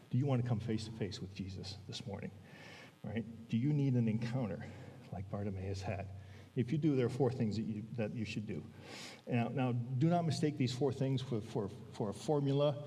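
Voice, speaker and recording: A man preaching a sermon in a conversational way, often checking in with the congregation and slowing down to stress key words. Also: mid-range voice, dark tone, slight background noise. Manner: conversational, frequent "all right?" check-ins; slows down for emphasis. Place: church sanctuary. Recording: long reverb of a church hall.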